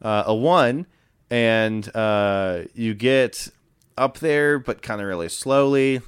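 A man narrating as game master in a tabletop game, relaxed and full of fillers. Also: medium pitch, slow pace, clean tone, no room sound, clean studio sound.

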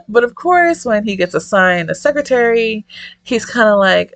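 A young woman reviewing a manga in casual chat, excitable, swearing a lot and rambling off-topic. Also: on the high side, normal speed, no echo.

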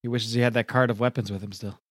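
Fast-talking man chiming in. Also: medium pitch, fairly even intonation. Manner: quick, chiming-in commentary. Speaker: podcast co-host. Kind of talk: casual chat.

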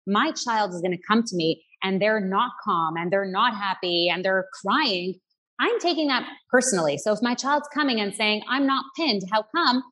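A woman's voice: medium pitch, normal speed, fairly bright tone. A woman parenting coach explaining her ideas earnestly, using everyday examples in conversation. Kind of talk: explanatory interview talk.

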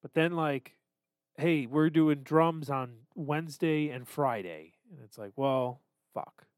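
A man's voice: on the high side, a little slow, no echo. Candid, self-mocking man podcasting. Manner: candid, self-deprecating, swears freely. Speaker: podcast co-host. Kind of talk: casual confessional chat.

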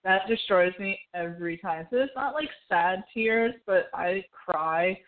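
A woman's voice: mid-range voice, a little slow. A woman in casual chat, talking animatedly and emotionally, laughing often and acting out lines. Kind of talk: casual chat about a film. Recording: tinny phone-like sound.

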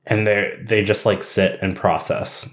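A man narrating his character's reaction in an improvised role-play, thoughtful and pausing. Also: on the low side, flat delivery. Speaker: player narrating a scene.

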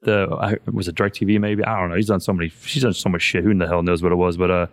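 A man's voice: sits low, fairly even intonation, fast, no echo. A man hosting a podcast in casual chat, loose and profane, saying "man" all the time. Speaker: podcast host.

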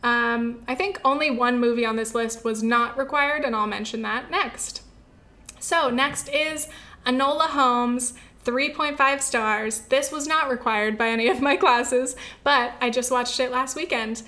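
A chatty young woman talks through her week of films in a loose, rambling way, full of fillers and restarts. Her voice sits a little high and sounds bright and forward. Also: a little slow. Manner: chatty, rambling, many fillers and self-corrections. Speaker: film review podcaster. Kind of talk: casual film review chat.

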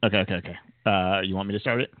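A man's voice: deep voice, steady tone, rapid-fire, dry recording. A man co-hosting a podcast in casual chat, teasing and often laughing. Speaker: podcast co-host. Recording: tinny phone-like sound.

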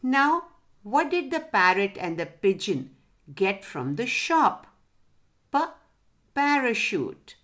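A woman's voice: mid-range voice, sing-song, slow, long pauses, a bit bright. A woman voicing a friendly, teacher-like talking letter P that quizzes children on words in a storybook lesson.

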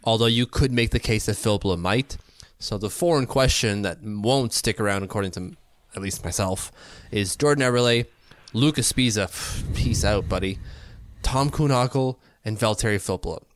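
A man's voice: fairly low pitch, normal speed, no room sound. A man co-hosting a casual hockey podcast, talking through his opinions with frequent restarts and fillers. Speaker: podcast co-host. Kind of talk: casual sports talk.

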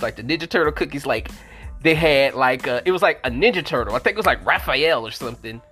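A man's voice: mid-range voice, fairly quick, sharp tone, soft background music. A man hosting a movie review show, telling childhood stories in a rambling way, full of "like" fillers, swearing and laughter. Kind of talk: casual nostalgic vlog chat.

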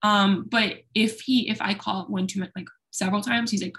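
A woman's voice: mid-range voice, steady tone, fairly quick, hardly any pauses, a bit bright. A young woman speaking openly and at length as an interview guest, talkative and self-deprecating. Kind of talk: candid personal conversation.

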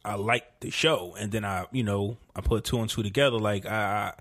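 A man in his thirties co-hosting a casual podcast, talking in slang and jumping up in pitch when he gets riled. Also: fairly even intonation, normal speed, a bit bright, dry recording. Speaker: podcast co-host. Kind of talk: casual chat.

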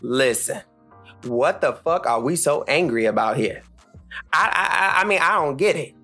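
A man's voice: lively intonation, normal speed, bright, forceful tone, faint music behind. A man in his thirties from Charlotte, North Carolina, hosting a solo podcast as a blunt, heated rant full of cursing. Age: 30s. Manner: blunt, heated, cursing freely, swings pitch up for emphasis. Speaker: podcast host.

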